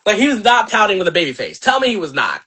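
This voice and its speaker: A young man venting in a casual livestream rant, animated, profane and rambling with lots of fillers. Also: sits high, fast talker, husky. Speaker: channel host and filmmaker.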